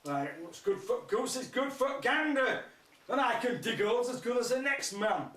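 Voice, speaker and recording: High, lively man telling absurd jokes. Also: moderate pace. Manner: crude absurd one-liners, laughing at his own jokes. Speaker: stand-up comedian. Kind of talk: rambling surreal stand-up. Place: live music festival stage. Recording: echoey, distant mic, faint noise.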